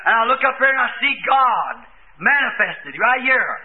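High-voiced fervent preacher on lo-fi tape. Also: male voice, sing-song, normal speed. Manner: fervent, hollering quotes with sudden shouts. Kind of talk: revival sermon. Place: church service. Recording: tinny lo-fi old tape recording.

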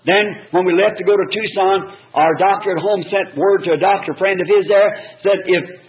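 Earnest country preacher on tinny tape. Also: male voice, high-pitched, fairly even intonation, normal speed. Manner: folksy, earnest storytelling in plain country speech. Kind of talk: sermon testimony. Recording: tinny lo-fi old sermon tape.

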